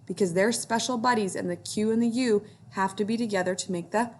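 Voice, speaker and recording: A woman's voice: medium pitch, fairly quick, darkish tone, a little hiss or hum. A woman teacher reading a picture book aloud to young children, encouraging them to join in.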